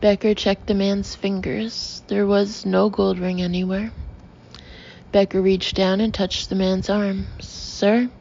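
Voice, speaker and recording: A woman narrating an audiobook in a steady, even reading manner. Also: medium pitch, a little slow, vocal fry, muffled recording.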